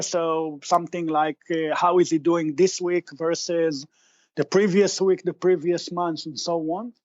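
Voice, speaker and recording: A fairly high-pitched man speaks in a measured, explanatory way, often stopping to restart and repeat a word before carrying on. His voice comes through a dull, slightly lo-fi remote line with no room echo. He sounds like a guest answering questions in a podcast interview. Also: a little mellow. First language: Hebrew. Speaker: tech company founder guest.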